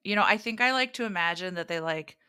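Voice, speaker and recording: A woman's voice: lowish voice, quick pace, sharp tone, clear, resonant tone, dry recording, studio quality. A woman co-hosting a casual podcast chat, playful and enthusiastic, laughing often. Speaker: podcast co-host.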